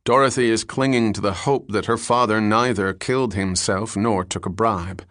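A man doing a polite young detective who probes with measured, courteous questions. It is an even, everyday voice, recorded dry and close. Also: lowish voice, dry recording, close to an everyday voice.

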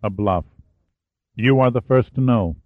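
A man voicing a grave French-Canadian prime minister who speaks calmly and measuredly. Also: mid-range voice, no echo, natural voice. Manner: calm, measured. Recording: phone-like narrow band, dry.

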